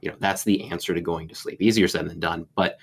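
Male pastor, deep voice, conversational Bible talk, thoughtful and rambling. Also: steady tone, quick pace, gravelly, breathy edge. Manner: reflective, meandering with many fillers.

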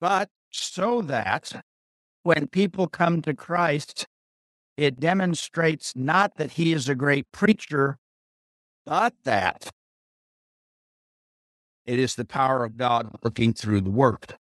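A man teaching through a Bible passage verse by verse, deliberate and pausing, repeating key phrases for emphasis. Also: a little high, a bit bright, no echo, studio quality. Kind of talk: slow expository Bible teaching.

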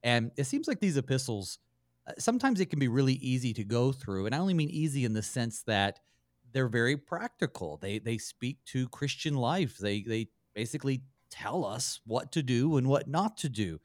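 A man's voice: mid-range voice, big pitch swings, moderate pace, no echo. Man, pastor, radio host, casual talk, lots of restarts, dry studio sound. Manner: chatty, with frequent fillers and restarts. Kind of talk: conversational radio Bible study.

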